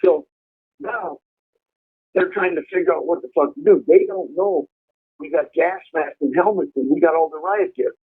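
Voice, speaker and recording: Casual storyteller, male, raspy and fairly high-voiced, blunt and profane, phone-quality audio. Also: sing-song, normal speed. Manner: vivid, blunt, heavy swearing. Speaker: storyteller recounting prison life. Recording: tinny phone-like line.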